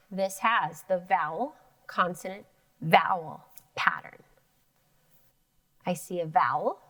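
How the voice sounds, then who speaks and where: Woman teacher for a kids' phonics lesson, slow and animated, stretches out sounds, dry room, mic set back. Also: medium pitch, no echo, recorded from a distance.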